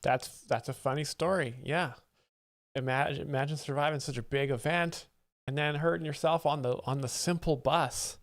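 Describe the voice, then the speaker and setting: A man with a gravelly, low-key voice, recorded dry and close with no room sound. He talks over comedy clips in a deadpan, sarcastic way. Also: moderate pace, no echo. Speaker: host explaining comedy clips on a livestream. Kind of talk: dry livestream commentary.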